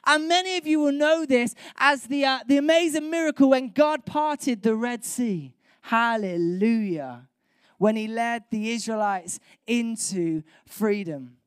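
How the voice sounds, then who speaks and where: A woman pastor preaching a sermon, animated and acting out voices from the story. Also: a little high, unhurried, clean tone, dry recording, clean studio sound. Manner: animated, acts out voices of biblical crowds.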